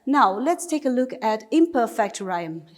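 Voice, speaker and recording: A woman with a Nagaland accent teaches an English lesson at a steady classroom pace. Her voice sits a bit high, and she explains each point patiently with repeated examples. A long reverb trails her words. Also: a little slow.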